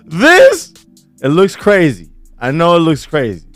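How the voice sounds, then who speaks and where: A young man talking casually as a vlogger, slangy and excitable, swearing freely and whooping loudly. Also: fairly high pitch, no echo. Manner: swears casually, many fillers. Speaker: vlogger describing a food trip. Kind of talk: casual chat over photos. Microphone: studio mic.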